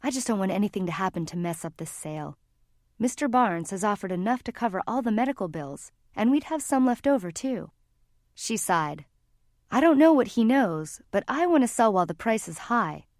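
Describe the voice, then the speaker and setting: A woman's voice: medium pitch, expressive, moderate pace, darkish tone, no echo, clean studio sound, close to an everyday voice. A woman narrator voicing a worried, tired middle-aged mother who talks in a strained, pleading way near tears. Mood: weary.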